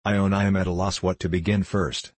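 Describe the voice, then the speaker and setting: A man narrating an old adventure novel in the first person, unhurried and measured. His voice is very low and a little husky. The recording is dry and close, with no room echo. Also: little pitch movement. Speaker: audiobook narrator. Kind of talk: audiobook narration.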